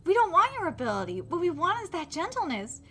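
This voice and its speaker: Brief: woman reading a breezy, self-assured young male detective from a manga, high and bright. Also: huge pitch swings, a little fast, a little hiss or hum, full character voice. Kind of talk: reading manga dialogue aloud.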